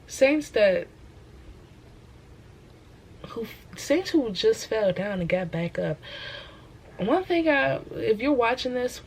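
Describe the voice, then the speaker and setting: A woman's voice: fairly high pitch, big pitch swings, slow pace, pauses often, a little mellow, slight background noise, rough recording. A young woman host, talking about her faith in an emphatic, preachy way and repeating her phrases. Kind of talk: casual faith talk.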